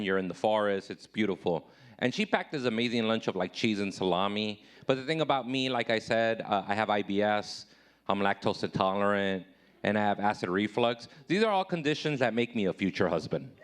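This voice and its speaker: A man in his thirties performing a live stand-up comedy set, self-deprecating, jumping high and loud when he acts out his own replies. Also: a little fast.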